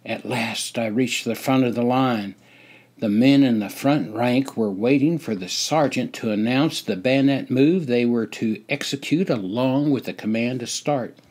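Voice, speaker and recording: An older man in his seventies reads his memoir aloud in a measured, unhurried voice with a dry, wry edge. His pitch sits in an ordinary middle range and the telling stays calm and deliberate. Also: breathy edge. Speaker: storyteller. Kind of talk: memoir narration.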